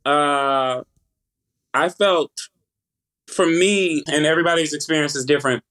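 A man in his thirties with a Southern US accent, chatting as an interview guest, lively, with halting restarts and easy laughter. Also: fairly high pitch. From United States. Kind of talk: casual interview chat.

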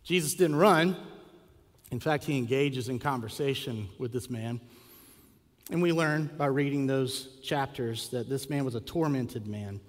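A man preaching a sermon as a pastor, telling a story with lively acted quotes and rhetorical questions. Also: medium pitch. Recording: long hall reverb.

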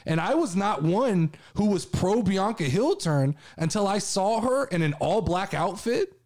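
A man with a fairly high voice hosts a casual chat show. He rants with excitement and swears freely, and his energy keeps rising. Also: unhurried. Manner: excitable, profane ranting. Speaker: podcast host.

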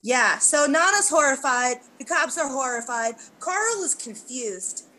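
A woman hosting a podcast, telling a story in casual chat with lots of swearing and deadpan asides. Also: sits high, measured pace, low-quality recording. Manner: profane, animated, deadpan asides. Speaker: podcast host.

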